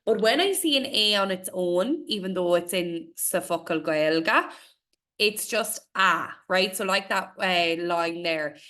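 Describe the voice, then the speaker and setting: A young Irish woman teaching a class and reading a poem aloud slowly and clearly. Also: lowish voice, fairly bright tone. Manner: encouraging, reassuring, models pronunciation slowly.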